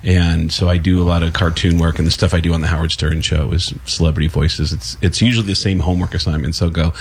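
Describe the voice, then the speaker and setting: A man appearing as a guest comedian on a talk show, telling stories in a rambling, animated way. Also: low-pitched, fast talker, a little hiss or hum. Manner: rambling, animated storytelling with frequent laughs and restarts. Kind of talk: casual talk show storytelling.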